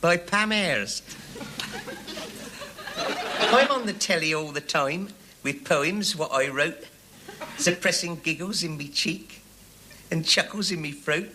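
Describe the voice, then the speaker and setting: A man's voice: fairly high pitch, slow, pauses often, background noise. A man putting on a giggly female comic poet who recites in folksy, rustic phrasing. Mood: giggly, coy. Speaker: poem reciter.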